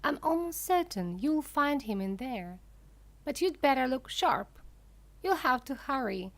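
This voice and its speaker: A woman's voice: sits high, sing-song, measured pace, voice pushed up, exaggerated voice. A woman voicing a playful, giggling eccentric man who makes candy, teasing and exclamatory.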